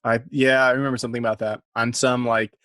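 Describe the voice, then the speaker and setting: A man's voice: medium pitch, flat delivery, quick pace, sharp tone, no echo. A man co-hosting a casual podcast, rambling and self-deprecating, often laughing. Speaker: podcast co-host. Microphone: podcast mic.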